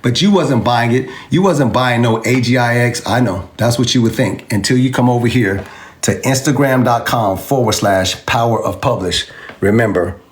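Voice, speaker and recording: Male vlog host, average pitch, emphatic and needling, speaks directly to the viewer. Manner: emphatic, repetitive, taunting; addresses a commenter directly. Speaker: crypto video host. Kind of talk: animated direct-to-camera rebuttal.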